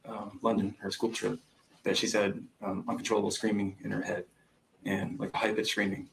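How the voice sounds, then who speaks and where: A man's voice: on the low side, flat delivery, normal speed, creaky, a little hiss or hum, low-quality recording. A young man testifying as a witness in court, recounting events hesitantly with frequent ums. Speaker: trial witness.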